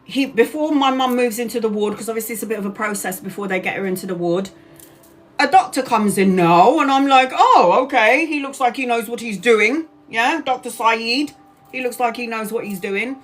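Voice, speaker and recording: A woman's voice: on the high side, brisk. A woman in her forties, a tarot reader livestreaming, angrily retelling a personal story to her viewers, swearing and acting out what others said. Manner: angry, animated retelling with swearing and acted-out quotes.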